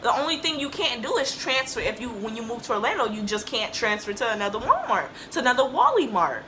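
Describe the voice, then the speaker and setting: A young woman acting out her mother, who laughs and cries with relief and soothes her daughter in a very high, breathless voice. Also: very animated, fast, pushed and bright, slight background noise. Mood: laughing relief.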